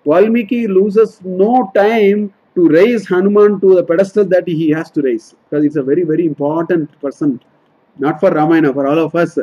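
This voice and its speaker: Husky high-voiced man teaching scripture. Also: normal speed, lo-fi sound. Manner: explains Sanskrit verses line by line, repeating and self-correcting. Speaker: Vedanta teacher. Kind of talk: scriptural study talk.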